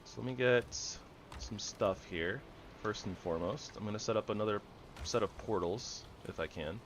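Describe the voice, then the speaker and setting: A man's voice: fairly low pitch, normal speed, slight background noise. A man giving casual, rambling commentary over his gameplay, often correcting himself. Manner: rambling, self-correcting, relaxed. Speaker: gamer.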